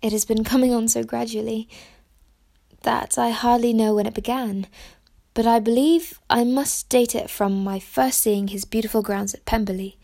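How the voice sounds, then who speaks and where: A woman voicing a lively, witty young woman in love, playful and confiding. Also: a little high, normal speed, creaky.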